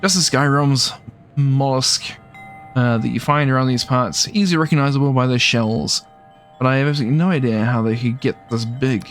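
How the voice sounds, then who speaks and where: A man's voice: mid-range voice, a little fast, faint music behind, lightly acted. A man voicing an anxious, flustered older female village mayor in a game, fretful and stammering.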